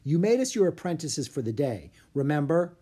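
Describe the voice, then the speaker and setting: A reader voicing a bold, eager young girl in a storybook, with a bright, chirpy and pleading delivery. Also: mid-range voice, very animated, normal speed, slightly rough, pitched above the performer's own voice. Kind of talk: audiobook character voice.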